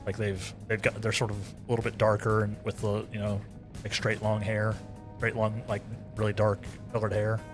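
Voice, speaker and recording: A man's voice: fairly low pitch, monotone, moderate pace, soft background music. A man streaming a game, chatting casually with his viewers, rambling and repeating himself as he talks. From United States. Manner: rambling, repeats words, chatty asides to chat. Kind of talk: casual chat with live chat while gaming.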